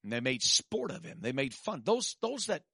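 A man preaching a sermon, swinging from shouted peaks to quiet asides and dropping in "amen.". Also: mid-range voice, big pitch swings, moderate pace, breathy edge, no echo, clean studio sound.

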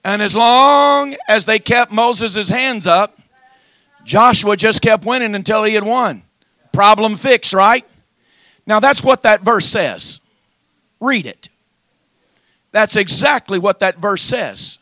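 Male preacher, sermon delivery, emphatic rhythmic cadence, sharp voice. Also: high-pitched, expressive, takes it slowly, pauses often, dry recording.

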